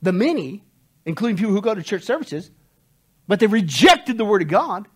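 A man preaching an expository sermon to a church congregation, swinging between loud emphatic outbursts and low hushed warnings. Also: sing-song, a little fast, husky. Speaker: pastor. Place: church service.

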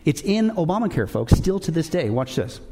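A man's voice: a little high, big pitch swings, fairly quick, warm tone, big-room sound. A man hosting political commentary, urgent and indignant, addressing his audience directly. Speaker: host.

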